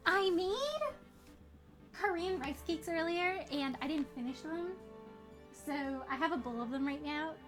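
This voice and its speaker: A woman's voice: extremely high pitch, a bit bright. A young woman streaming a game live, bubbly and giggly, greeting chatters by name. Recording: stream with music behind.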